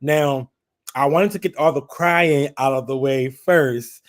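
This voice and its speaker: A man's voice: medium pitch, takes it slowly. Guy in his 30s on a live chat, laughing a lot, storytelling. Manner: chatty, laughing, lively retelling. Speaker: livestream host.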